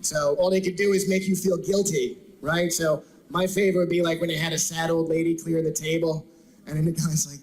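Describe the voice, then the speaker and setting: A man's voice: on the high side, flat delivery, brisk, darkish tone, poor audio. A man doing a stand-up comedy routine in a conversational way, asking the crowd questions.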